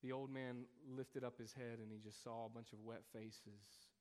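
A male pastor delivering a sermon, earnestly telling a story to his congregation at a mid-range pitch. His voice rings with the long reverb of a large church hall. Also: level tone, moderate pace, darkish tone.

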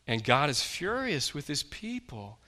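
A man preaching a sermon as pastor, impassioned, swinging from loud pleading to hushed questions. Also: on the high side, big pitch swings, unhurried, in a large hall. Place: church.

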